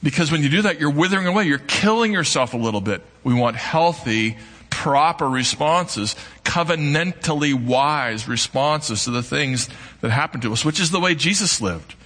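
A man preaching a sermon to a congregation, earnest and emphatic, with dramatic pauses. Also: fairly high pitch, lively intonation, a bit bright, long reverb tail. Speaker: pastor. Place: church sanctuary.

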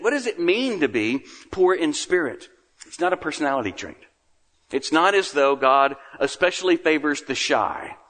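A man preaching a sermon as pastor, earnest, lifting his voice for emphasis and then dropping to a hush. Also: mid-range voice. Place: church sanctuary. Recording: long reverb of a large room.

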